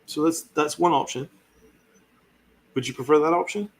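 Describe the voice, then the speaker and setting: A man's voice: fairly high pitch, moderate pace. A man hosting a sports podcast, ranting with fiery sarcasm and heavy swearing. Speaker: podcast host.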